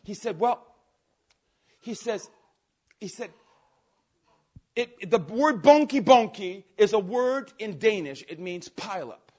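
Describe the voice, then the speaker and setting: A man preaching a sermon, telling stories with energy and swinging between quiet asides and loud outbursts. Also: high-pitched, slow, long pauses. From Canada. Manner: animated storytelling, swings from soft to shouting.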